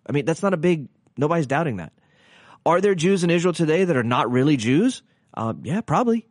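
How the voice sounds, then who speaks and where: A fairly high-voiced man talks through a podcast teaching in a casual, earnest way. He restarts sentences often and leans on rhetorical questions. The recording is close and dry. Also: no echo.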